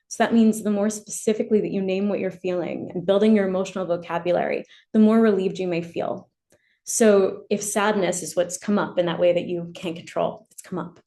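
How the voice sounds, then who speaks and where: Mellow-voiced woman presenting a webinar. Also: mid-range voice. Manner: gentle, explanatory, models example phrases. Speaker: educational therapist.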